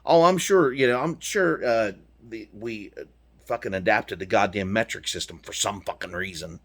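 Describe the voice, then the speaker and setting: With a lowish, slightly bright voice at normal speed, a man from the United States vents to his viewers from inside his truck. The rant is heated, punchy and full of profanity.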